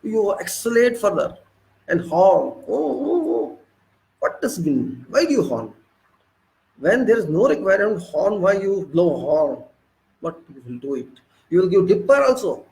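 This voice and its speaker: High-voiced man preaching. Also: big pitch swings, moderate pace, darkish tone, poor audio. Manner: scolding, rhetorical, repetitive lists; emphatic questions to the audience. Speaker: spiritual speaker. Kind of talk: preaching monologue.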